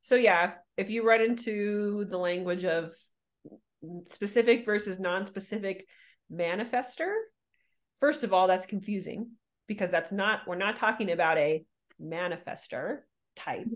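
A woman's voice: medium pitch, measured pace. A woman co-hosting a podcast in casual chat, rambling and restarting her sentences with frequent laughs. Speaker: podcast co-host.

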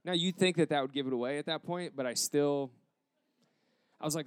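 Man telling a story, smooth dry voice. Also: fairly high pitch, fairly quick, long pauses, dry recording. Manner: self-deprecating, animated retelling with quoted dialogue. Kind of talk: casual storytelling.

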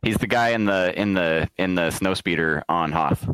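A man's voice: low-pitched, moderate pace, clear, resonant tone, no echo, low-quality recording. A man co-hosting a podcast in casual chat, animatedly acting out scenes. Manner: animated storyteller, acts out scenes. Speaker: podcast co-host.

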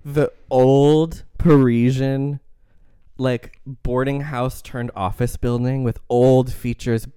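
A man co-hosting a casual film podcast, rambling with restarts and breaking into quick silly voices for quoted lines. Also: mid-range voice, level tone, warm tone, smooth, no echo, studio quality. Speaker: podcast co-host.

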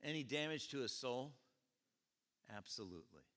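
A man pastor preaching a sermon at a church service, animated and questioning his congregation as he tells the story. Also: medium pitch, normal speed. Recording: echoey church hall.

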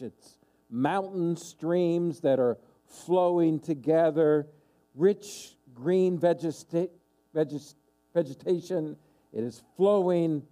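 Animated emphatic male preacher. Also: on the high side. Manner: emphatic, repeats key questions for stress. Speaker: pastor. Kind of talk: sermon.

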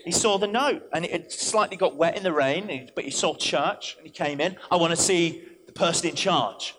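A man, a vicar, preaching an animated sermon in church, telling stories and switching in and out of quoted voices. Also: a little high, a little fast, background noise.

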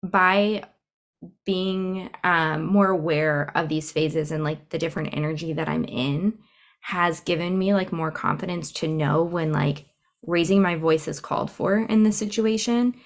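A cycle syncing coach appears as a podcast guest in a casual interview, speaking in a lowish, gravelly voice at a slightly slow pace. She thinks aloud reflectively and conversationally, using lots of fillers.

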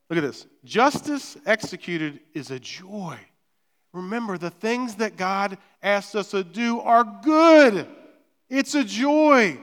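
High-voiced pastor preaching. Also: male voice, fairly bright tone, clean tone, in a large hall. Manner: conversational, repeats words, frequent "right?". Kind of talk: sermon. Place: church sanctuary.

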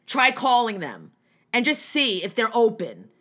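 A young woman from New Jersey tells a long story in casual conversation, her voice bright and a little high. She rambles and restarts, swears freely, and acts out the people in her story with lively shifts. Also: a little slow. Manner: animated, profane, rambling with many restarts and acted-out quotes.

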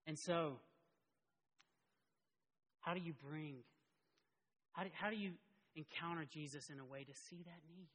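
A man preaching a sermon as pastor, impassioned and climbing to high emotional peaks as he tells stories and reads scripture. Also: a little slow, long pauses, fairly bright tone. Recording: long hall reverb.

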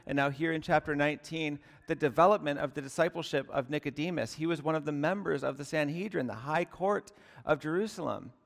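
A man's voice: on the high side, creaky, long reverb tail. A male pastor delivering a sermon, conversational and earnest, often asking the congregation rhetorical questions.

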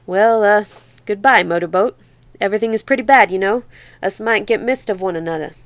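A woman's voice: mid-range voice, fairly quick, dry recording, close to an everyday voice. A woman voicing an urgent young man fleeing a flood, speaking in a drawling rural Southern accent into a close studio mic. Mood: urging. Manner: drawling rural dialect, pressing and insistent.

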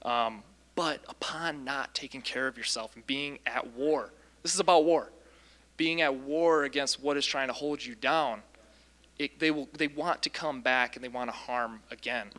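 A man casually recounting a deliverance story as a Christian minister, lively, with frequent ums and restarts. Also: mid-range voice, normal speed.

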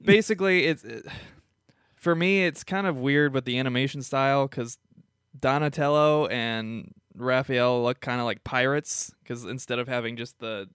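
A man co-hosting a casual podcast, reading out pop culture news in a relaxed, hesitant way with many fillers. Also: medium pitch, moderate pace, smooth, dry recording, studio quality. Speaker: podcast co-host presenting news. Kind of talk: casual chat.

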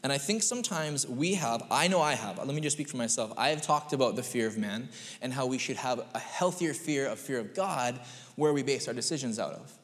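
A man in his thirties delivers a sermon from the pulpit, his voice sitting at an ordinary middle pitch. He tells stories with energy, slipping into quick acted-out voices for his kids and himself. A long church reverb trails behind every phrase. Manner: storytelling with animated acted-out quotes. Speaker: pastor. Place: church sanctuary.

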